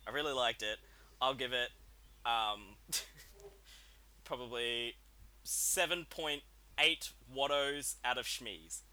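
A man giving his take as a podcast co-host, his voice very bright and forceful. He chats casually, joking and halting with restarts as he searches for words. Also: medium pitch. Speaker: podcast co-host reviewing a film. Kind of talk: casual chat.

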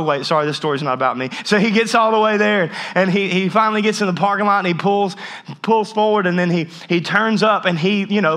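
A man's voice: a little high, bright, forceful tone. A man in his thirties preaching a humorous sermon, telling a story with jokey asides and frequent restarts. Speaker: pastor.

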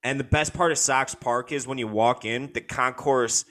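A man with a Chicago accent rambles cheerfully about food, leaning on his words. His voice is bright and forward, though its pitch is ordinary. It's a relaxed podcast chat. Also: moderate pace. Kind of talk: casual chat.

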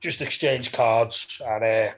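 A young man with a Liverpool accent, chatting casually as a podcast co-host. His talk is loose and laddish, full of swearing and laughter, at an ordinary male pitch. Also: slow pace, low-quality recording. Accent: Liverpool English. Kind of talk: casual banter.

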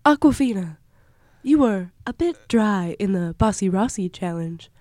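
A woman co-hosting a casual chat, tossing in quick dry quips and interjections. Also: mid-range voice, expressive, a little mellow, no echo. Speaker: podcast co-host. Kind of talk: casual chat recapping a reality show.

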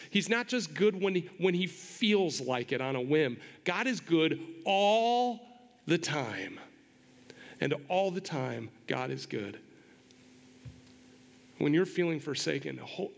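A man preaching a sermon in an earnest, halting way, often repeating words as he goes. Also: a little high, gravelly, big-room sound. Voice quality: bald. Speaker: pastor.

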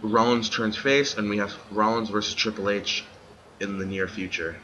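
A young man chats loosely about wrestling as a podcast co-host. His voice is bright and forceful and sits fairly low. He rambles, trails off and laughs a lot, with faint noise behind him. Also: steady tone, normal speed, dull audio. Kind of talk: casual wrestling chat.

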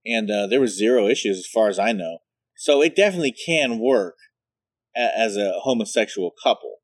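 A man's voice: lowish voice, expressive, fairly quick, no room sound. A man telling rambling, profane family stories in casual chat, laughing at his own jokes.

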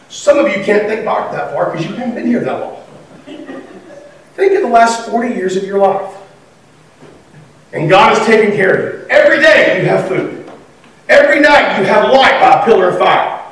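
A man with a high voice preaches a conversational sermon and slips into the voices he quotes. He sounds distant, caught by a mic well away from him. A strong echo fills the room. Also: a bit bright. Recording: echoey room from far off.

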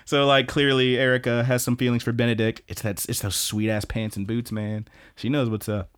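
A man hosting a podcast, casually retelling scenes and breaking into excited asides. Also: mid-range voice, moderate pace, smooth. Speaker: podcast host. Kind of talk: casual episode recap.

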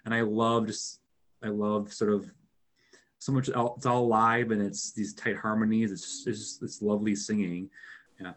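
A man's voice: fairly low pitch, flat delivery, moderate pace, fairly bright tone. A man from rural Minnesota with a Minnesotan accent, talking through a film in a casual podcast chat, rambling with many fillers and restarts. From Minnesota, rural area.

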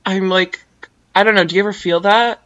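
A teenage girl from San Diego chats as a podcast guest, her mid-range voice fairly even and brisk, with the high frequencies cut off. She rambles casually and says "like" constantly.

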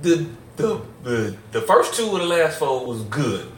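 A man co-hosting a podcast in casual chat, animated and laughing often, stumbling over restarts. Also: mid-range voice, a little slow, distant mic. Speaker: podcast co-host. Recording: roomy, from off-mic, faint noise.

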